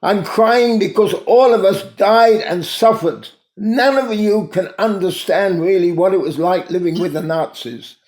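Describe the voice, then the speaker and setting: A man's voice: high voice, unhurried, few pauses, a little mellow. A man voicing a grieving camp survivor who speaks with anguish and bitterness. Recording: roomy echo.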